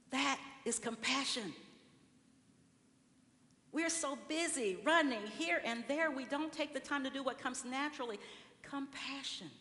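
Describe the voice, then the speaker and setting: A woman's voice: sits high, expressive, slow, pauses often, bright, forceful tone. A woman giving a conversational sermon in a church, asking the congregation questions and acting out what people say. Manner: conversational preaching with rhetorical questions and acted-out quotes. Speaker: speaker at a church service. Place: large church sanctuary. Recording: reverberant hall, faint room noise.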